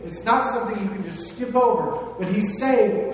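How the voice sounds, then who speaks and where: Preacher in a booming echoey hall. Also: male voice, normal speed, few pauses. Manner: conversational preaching, asks the room questions, swells on key phrases. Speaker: pastor. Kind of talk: sermon. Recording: distant mic in a very echoey hall.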